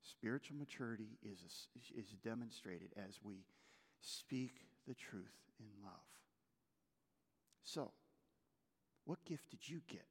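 A man preaching a sermon as pastor, moving between loud urgent stretches and hushed, almost whispered lines. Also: medium pitch, slightly rough, big-room sound.

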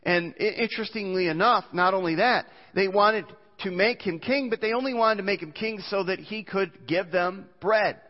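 A pastor with a high voice preaches a sermon in a church sanctuary at a moderate pace with few pauses, earnestly reading scripture aloud with small restarts. The recording is muffled, with long church reverb.

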